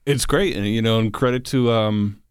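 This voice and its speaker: A man's voice: on the low side, normal speed, clean tone, no room sound, clean studio sound. A man hosting the conversation, reacting with short supportive remarks and laughs. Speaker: host. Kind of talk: casual chat.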